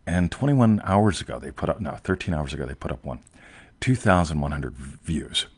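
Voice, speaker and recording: A man's voice: a bass voice, animated, a little fast, a little mellow, breathy edge, no room sound. Man, host, rambling emphatic casual talk, dry close sound. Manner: rambling, emphatic, repeats "right?", swears casually. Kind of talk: casual chat.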